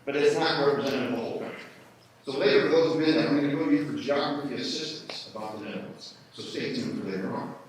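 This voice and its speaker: A man giving a lively live history lecture, often putting questions to his audience. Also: mid-range voice, quick pace. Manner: animated, asks the audience questions. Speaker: history speaker at a workshop. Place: indoor event room with audience. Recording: echoey room from far off, faint noise.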